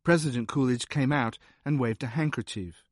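A man reading a nonfiction history aloud as an audiobook narrator, measured and wry. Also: medium pitch, dry recording. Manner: measured, dry storytelling with wry asides.

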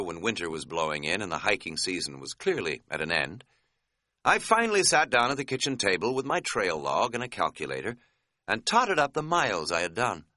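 A man giving a wry, measured first-person audiobook narration. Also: medium pitch, bright, forceful tone, no room sound, clean studio sound.

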